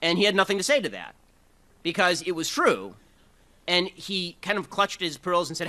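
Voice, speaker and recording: A man delivers a political speech in a combative, rapid-fire way, dropping sarcastic asides. His voice is fairly high and sharply bright, with a forceful edge. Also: very animated. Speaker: public speaker.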